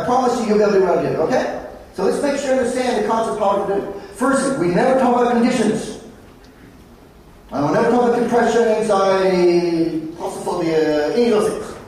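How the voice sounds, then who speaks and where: High-voiced man speaking in an echoey hall. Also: far from the mic, slight background noise. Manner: animated, acts out client dialogues in a raised voice. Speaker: psychologist giving a conference talk. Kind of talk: storytelling presentation to an audience. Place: conference hall.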